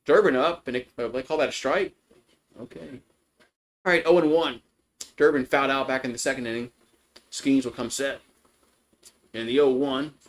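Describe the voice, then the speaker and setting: A man giving casual live play-by-play for a baseball game, chatty and loose, greeting viewers between pitches. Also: rough recording. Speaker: play-by-play commentator.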